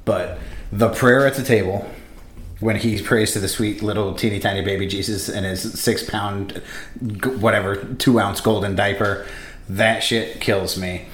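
Low-voiced man in casual chat. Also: a little slow, roomy sound, a little hiss or hum. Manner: profane, animated, laughs while retelling scenes.

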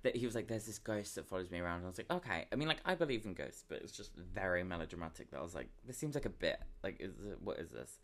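A young man, co-hosting a podcast and telling a story in a casual, animated way, laughing often and acting out the voices of the people in it. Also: deep voice, fast talker, few pauses. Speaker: podcast co-host.

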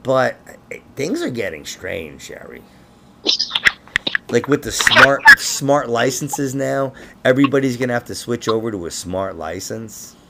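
A man's voice: mid-range voice, sing-song, unhurried, vocal fry, very noisy. A man hosting a casual conspiracy podcast, rambling and laughing, with frequent swearing. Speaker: podcast host.

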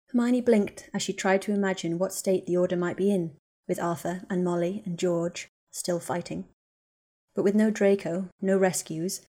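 Woman narrating in a low-ish voice. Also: mellow. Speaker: audiobook reader. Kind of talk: scripted narration of fan fiction.

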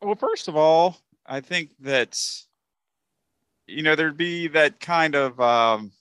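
Male co-host, bright tone, close dry sound, casual movie talk with lots of restarts. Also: on the high side, clear, resonant tone, no room sound. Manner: halting, many fillers and restarts. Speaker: podcast co-host. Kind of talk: casual movie review chat.

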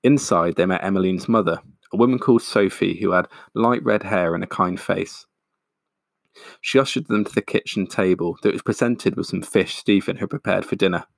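A man, a podcast host, reading his own short story in a calm, steady way. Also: sits low, moderate pace, gravelly, no room sound, clean studio sound.

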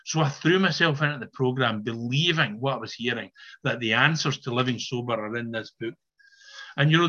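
A man's voice: medium pitch, pushed and bright, highs cut off. An older man giving an earnest, emphatic personal testimony to a recovery meeting, sometimes repeating his words, over a video call.

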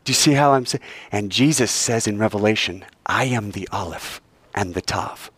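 A man teaching a Bible class, animated and quizzing the class with questions. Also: on the low side, moderate pace, husky, dry recording.

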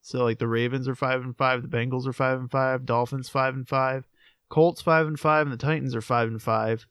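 A young man co-hosting a casual sports podcast, relaxed and loose, filling his talk with "you know" and "like". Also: mid-range voice, moderate pace, smooth, dry recording. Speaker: podcast co-host.

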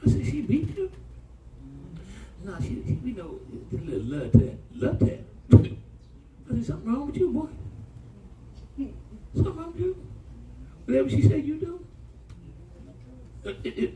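A male pastor preaching a sermon, telling stories in a colloquial, animated way and calling out to the congregation. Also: extremely high pitch, slight background noise. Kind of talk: sermon storytelling. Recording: echoey room from far off.

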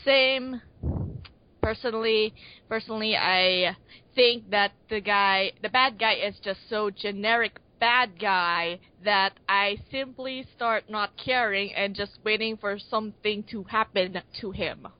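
A woman's voice: medium pitch, steady tone, unhurried, no echo, muffled recording. A woman co-hosting a casual movie review chat, wry and hesitant, with many fillers and restarts. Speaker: movie review podcast co-host.

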